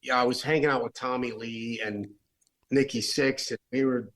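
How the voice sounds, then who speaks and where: A late-middle-aged man with a gravelly, creaky edge to his voice and a middle-pitched register. He tells road stories as a rock musician guest, wandering through them with restarts and fillers. The delivery is loose and conversational. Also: steady tone, normal speed, fairly bright tone, poor audio. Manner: rambling, with many restarts and fillers. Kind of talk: casual storytelling.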